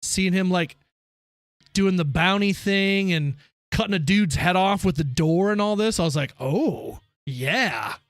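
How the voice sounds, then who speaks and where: A young man live streaming a game and chatting loosely with his viewers, opinionated and full of slangy asides. His voice sits a bit high for a man. The sound is dry and close, with no room around it. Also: moderate pace, clean tone, no room sound.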